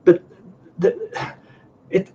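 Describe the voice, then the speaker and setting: Male panelist, mid-pitched and argumentative, recorded on a lo-fi line with faint hiss. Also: drawn-out words, mellow. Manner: emphatic, argumentative, repeats words while restarting. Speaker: panelist on a skeptic discussion show. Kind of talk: casual debate chat. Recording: dull lo-fi audio with faint hiss.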